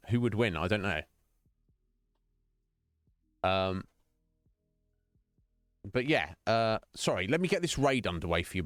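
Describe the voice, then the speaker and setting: A man's voice: on the low side, a bit bright, no echo, clean studio sound. A man streaming live, chatting casually and jokingly with his viewers in a rambling way. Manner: rambling, jokey, chatty, addresses viewers by name.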